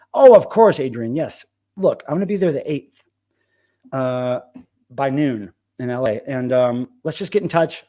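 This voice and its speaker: A man's voice: medium pitch, mellow. A middle-aged man hosting a casual live stream, reading the chat aloud and talking loosely with plenty of swearing. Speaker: livestream host.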